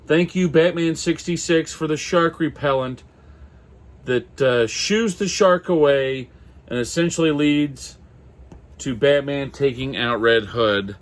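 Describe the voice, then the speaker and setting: A man from Minnesota chatting casually on his own about comics, halting and apologetic with lots of fillers, his throat going dry. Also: on the high side. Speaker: comic collector vlogger. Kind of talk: casual solo chat.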